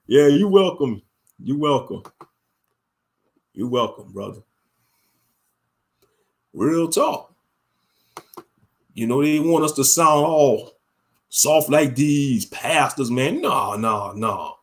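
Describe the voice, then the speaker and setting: A man with a mid-range voice leading a fervent, repetitive prayer. Between prayers he talks in a loose, animated street-talk manner as an online religious commentator. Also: mid-range voice, measured pace. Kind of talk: spoken prayer and casual chat.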